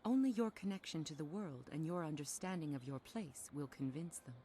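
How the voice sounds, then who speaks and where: An actress voicing a calm, wise female martial arts mistress in video game dialogue, speaking in a serene, measured, instructive way. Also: low voice, a little hiss or hum.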